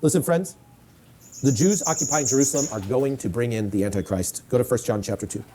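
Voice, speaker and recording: A man's voice: medium pitch, a little fast, warm tone, a little hiss or hum. A man preaching a sermon, reading scripture aloud, repeating key lines and asking pointed rhetorical questions.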